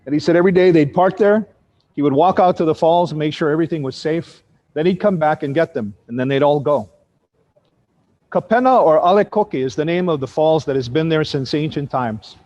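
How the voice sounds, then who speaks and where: A man's voice: fairly high pitch, fairly quick, a little mellow. A man telling ghost stories in a vivid, dramatic way. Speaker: ghost storyteller. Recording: dull lo-fi sound.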